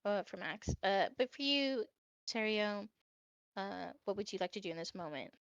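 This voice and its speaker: A woman's voice: mid-range voice, animated, moderate pace, no echo, highs cut off. A woman narrating as game master of a tabletop game, with many ums and uhs. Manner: hesitant, filler-heavy narration.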